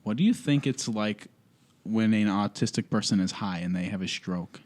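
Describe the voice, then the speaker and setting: A man's voice: fairly low pitch, moderate pace, noisy background. A young man co-hosting a casual podcast, prone to sudden random outbursts. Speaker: podcast co-host. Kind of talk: casual comedic chat.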